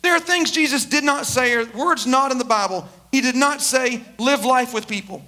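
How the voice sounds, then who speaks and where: A man's voice: extremely high pitch, normal speed, bright, forceful tone. A male pastor giving a conversational sermon, emphatic, often repeating words and restarting his sentences.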